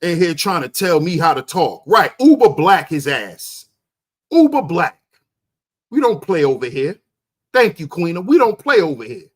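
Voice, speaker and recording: A man hosting a livestream, ranting loudly and crudely at his chat, firing off rhetorical questions and answering them himself. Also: a little high, big pitch swings, moderate pace. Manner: loud, confrontational, profane, often shouting. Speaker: livestream host. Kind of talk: ranting commentary to live chat.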